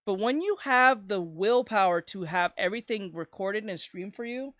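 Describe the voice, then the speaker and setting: A woman streamer chatting casually, rambling and swearing, with bursts of loud ranting. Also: medium pitch, animated, moderate pace, dry recording. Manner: rambling and profane, breaking into loud ranting and laughter. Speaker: streamer reacting to videos. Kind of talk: casual chat.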